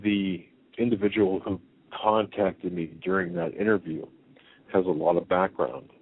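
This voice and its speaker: A man co-hosting a talk radio show, out of breath and halting, with many fillers. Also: deep voice, steady tone, breathy edge. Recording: tinny phone-like internet radio.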